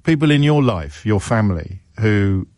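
A man's voice: on the low side, expressive, moderate pace, a little mellow, no room sound, clean studio sound. A man hosting a radio phone-in, sarcastic and mocking in his commentary.

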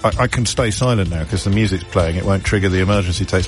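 A man in his fifties hosting a talk radio show, speaking in a wry, mocking, conversational way with frequent quick restarts. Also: sits low, soft background music. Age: 50s.

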